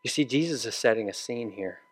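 A man's voice: medium pitch, fairly quick. A man preaching a sermon in a conversational storytelling way, acting out the dialogue of the people in his story. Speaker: pastor.

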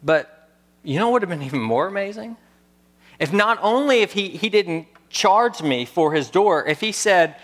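Earnest higher-voiced male preacher. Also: expressive, fairly bright tone. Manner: earnest, storytelling, pauses before key words. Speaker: pastor. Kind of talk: sermon.

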